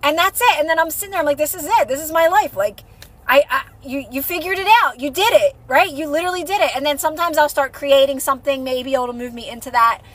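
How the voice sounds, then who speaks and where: Young woman streamer, bright and lively tone, casual and encouraging, lots of fillers. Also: high voice, fast. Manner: chatty, reassuring, many fillers and repeats. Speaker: livestream host, manifestation coach. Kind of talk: casual livestream chat to viewers.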